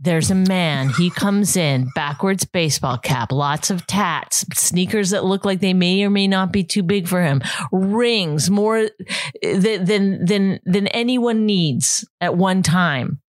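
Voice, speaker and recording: A woman voicing a menacing, tattooed ex-con man with a lowered, mock-threatening delivery. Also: slow pace, dry recording, studio quality.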